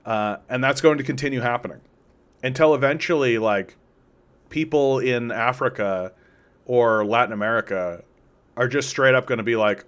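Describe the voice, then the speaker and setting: A man's voice: mid-range voice, normal speed, fairly bright tone. A man hosting an unscripted political commentary stream, talking casually and rambling, reading chat comments and acting out imagined quotes in mocking voices. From Canada.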